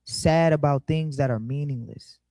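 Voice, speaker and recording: A man's voice: mellow, no room sound. A man preaching in an emphatic, rhythmic way, drawing lessons from scripture. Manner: emphatic, rhythmic, dips low and slow to stress. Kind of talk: sermon, Bible study commentary.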